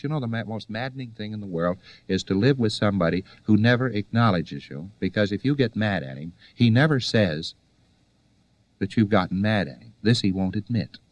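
A man's voice: fairly low pitch, no echo. A man giving a conversational lecture to students, full of rhetorical questions and wry asides.

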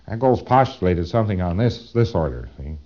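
A man lectures in a low voice that swings widely and animatedly in pitch. He poses rhetorical questions and acts out his points dramatically. The sound is dull and lo-fi, like an old tape. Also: big pitch swings, fairly quick, warm tone. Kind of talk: recorded lecture.

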